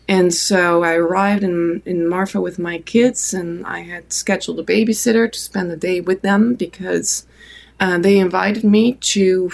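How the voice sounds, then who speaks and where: A middle-aged woman from France with a French accent, a guest telling a story in a relaxed, animated way, with many restarts and fillers. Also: on the low side, gravelly. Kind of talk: casual storytelling.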